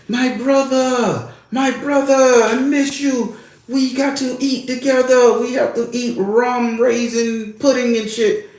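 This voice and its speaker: Effusive, commanding male spirit reader, put on by a male storyteller; high, stretched-out delivery, very roomy sound. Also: level tone, a little mellow, distant mic, a little hiss or hum, heavily acted. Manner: high, drawn-out, exclaiming. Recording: echoey room.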